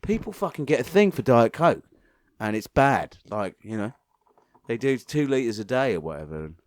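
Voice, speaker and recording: A man's voice: medium pitch, very animated, normal speed, darkish tone, dry recording. A man co-hosting a comedy podcast, chatty and rambling as he narrates a blind taste test. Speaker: podcast co-host.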